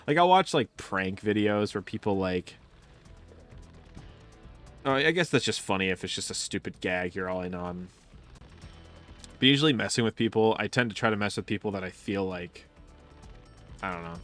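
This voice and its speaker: A man's voice: on the low side, normal speed, pauses often, a bit bright, soft background music. A man chatting casually and profanely while streaming a video game, rambling through stories and laughing often. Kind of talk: casual live-stream chat while playing.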